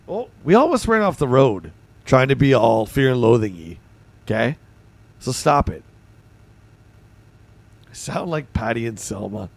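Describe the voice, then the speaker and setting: A man hosting a livestream in casual chat, his voice hoarse and gravelly, bantering excitably with his viewers. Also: mid-range voice, normal speed, long pauses. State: hoarse, voice going. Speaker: livestream host.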